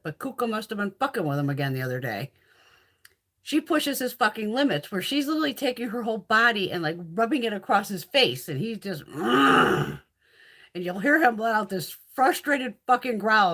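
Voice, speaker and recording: A woman's voice: medium pitch, a bit bright. Chatty, foul-mouthed woman livestreaming. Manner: chatty, profane, reads and answers viewer comments. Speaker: livestream host. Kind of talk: casual livestream chat.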